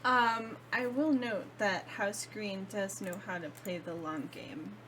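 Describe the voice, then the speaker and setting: A woman's voice: mid-range voice, steady tone, takes it slowly, fairly bright tone, a little hiss or hum. A woman playing a tabletop roleplaying game, chatting and laughing easily with the group. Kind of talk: casual chat.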